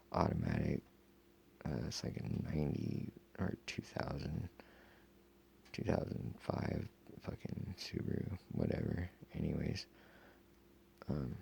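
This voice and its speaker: A man telling a long personal story in a rambling, profane, casual way, full of fillers, with a gravelly, husky voice. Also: extremely low pitch, mellow, slight background noise. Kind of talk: casual first-person account.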